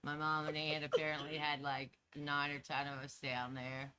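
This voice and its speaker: A woman chatting as a podcast guest, telling lively personal stories and laughing easily. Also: low voice, normal speed, smooth. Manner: animated storyteller, laughs easily. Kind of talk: casual storytelling chat.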